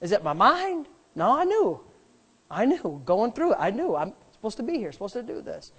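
A man's voice: high voice, wildly swooping pitch, fairly quick, husky. A man, a pastor, preaching a sermon and driving points home with emphatic repetition.

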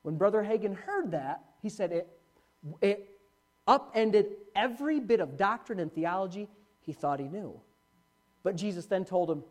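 A man preaching a sermon as pastor, telling a story with swings from loud to hushed. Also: high-pitched, expressive, normal speed.

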